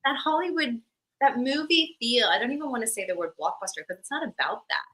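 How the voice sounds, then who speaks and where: A woman's voice: a little high, lively intonation, a little fast, a bit bright, rough recording. A woman from Australia with a mostly American accent, chatting animatedly as a podcast guest, with lots of fillers. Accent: American with Australian slipping in. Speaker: guest, actor and content creator. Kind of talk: casual podcast chat.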